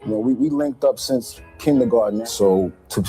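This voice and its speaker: A man from Brooklyn recalling his childhood in a documentary interview, slow and reflective. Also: medium pitch, warm tone, soft background music, poor audio.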